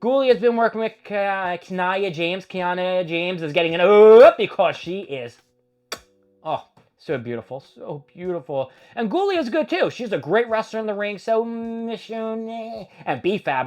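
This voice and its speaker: A man's voice: sits high, lively intonation, moderate pace, a little mellow. A man hosting a casual wrestling recap, rambling and opinionated with plenty of swearing. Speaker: host.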